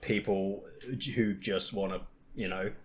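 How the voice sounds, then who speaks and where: Low-voiced young man, swearing and joking. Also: flat delivery, measured pace, a little mellow, a little hiss or hum. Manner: profane and jokey, acts out quotes. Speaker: podcast host. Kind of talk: casual chat about gaming.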